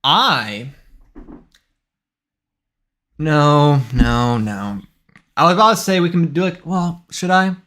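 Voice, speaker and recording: A man in his twenties streams his game development, talking casually while coding and thinking out loud, often restarting his sentences. His voice is on the high side with a fairly bright tone.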